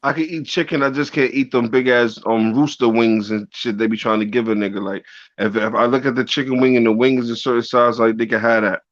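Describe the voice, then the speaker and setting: A man's voice: medium pitch, steady tone, brisk, no echo, highs cut off. A man hosting a podcast, laid-back and laughing often in casual chat. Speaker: podcast host.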